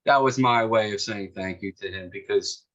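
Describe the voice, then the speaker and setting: A man's voice: on the low side, normal speed, fairly bright tone. A man in his sixties, a guest author telling a long anecdote with many fillers and restarts, with a New York accent. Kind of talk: storytelling in an interview. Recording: muffled lo-fi audio.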